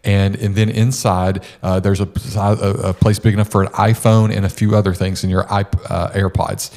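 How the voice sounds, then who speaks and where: A man's voice: on the low side, level tone, normal speed, a little mellow. A middle-aged man co-hosting a podcast, chatting casually and telling stories with lots of "uh" and "you know". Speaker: podcast co-host.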